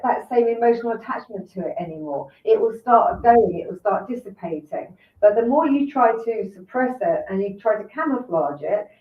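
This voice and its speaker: An older woman talking earnestly about emotions and self-worth, explaining gently. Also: mid-range voice. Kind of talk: reflective conversation. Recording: echoey, distant, phone-like line.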